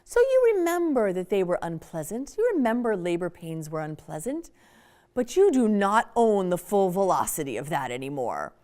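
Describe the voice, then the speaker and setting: A woman's voice: mid-range voice, normal speed. A woman giving a conversational parenting workshop talk to an audience, often acting out examples. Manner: animated, conversational, acts out examples. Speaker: workshop speaker.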